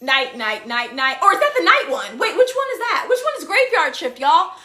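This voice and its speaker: A young woman hosts a casual live stream from indoors, talking into her phone as she reads comments aloud. Her voice is high and bright and jumps all over the place, and she laughs often and slips into goofy cartoon impressions. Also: brisk. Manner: laughs often, animated, quotes cartoon lines in silly voices. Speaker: TikTok live host.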